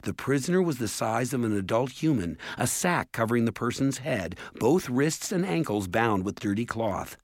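A man narrating a storybook in a measured, steady way. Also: medium pitch, no room sound, studio quality. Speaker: audiobook narrator. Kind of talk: scripted narration.

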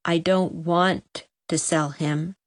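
A woman voicing a sad, gruff country boy who speaks dully and hoarsely in a storybook reading. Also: fairly low pitch, takes it slowly, no room sound, studio quality. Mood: dull. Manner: dull, hoarse, holding back tears.

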